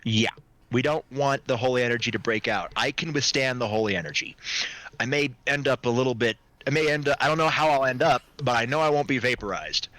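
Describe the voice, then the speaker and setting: A man's voice: mid-range voice, brisk, sharp tone, dry recording. A man playing in an online tabletop role-play, thinking aloud with restarts over a home microphone. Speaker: player. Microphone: home microphone on voice chat.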